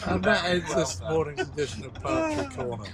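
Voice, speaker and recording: A man's voice: on the high side, fairly quick. A man drily compèring an accent contest among bandmates on a tour bus. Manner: dry, wry compère. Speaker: bandmate hosting the accent game. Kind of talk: casual banter on a tour bus. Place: inside a moving tour bus. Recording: noisy bus interior.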